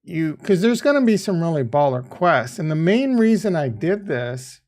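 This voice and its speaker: A man livestreaming a crypto game and chatting to viewers, excitable and rambling, laughing often and swearing casually. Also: on the high side, normal speed. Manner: rambling, thinks aloud. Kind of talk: live stream commentary.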